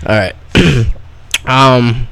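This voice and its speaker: A man's voice: medium pitch, very slow, a bit bright, slight background noise. A young man hosting a college radio show, chatting loosely and joking with friends in the studio and laughing often. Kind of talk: casual studio banter. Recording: music playing underneath.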